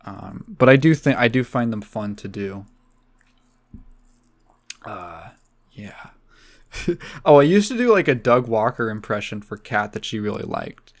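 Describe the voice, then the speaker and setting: A man's voice: fairly low pitch, very animated, unhurried, vocal fry, pauses often. A tired man rambling casually as he hosts his solo podcast, with many restarts. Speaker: podcast host.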